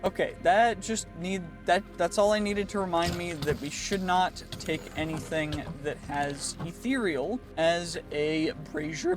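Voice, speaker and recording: A man narrates his gameplay in a loose, chatty stream, excitable and prone to restarting sentences as he thinks aloud. His voice sits fairly high for a man. Clear background music plays under him the whole time. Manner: chatty, excitable, talks through his moves with frequent restarts. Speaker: gaming channel host. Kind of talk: casual gameplay commentary.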